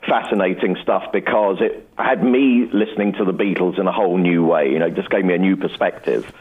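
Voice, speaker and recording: A man's voice: low voice, a little fast. A British man, a guest author, calling in to a podcast and answering in a dry, understated way. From Britain. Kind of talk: phone-in interview. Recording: tinny phone line.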